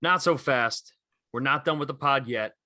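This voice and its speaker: A man's voice: mid-range voice, moderate pace. A man co-hosting a casual sports podcast, retelling stories with enthusiasm and lots of fillers. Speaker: podcast co-host.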